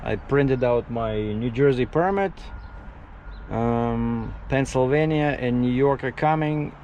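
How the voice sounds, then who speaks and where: A man's voice: mid-range voice, slow pace, a little mellow, dull audio, slight background noise. A man who drives trucks, chatting casually in a vlog while parked outdoors. He rambles, restarts his sentences and jumps from topic to topic. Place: outdoors at a truck parking area.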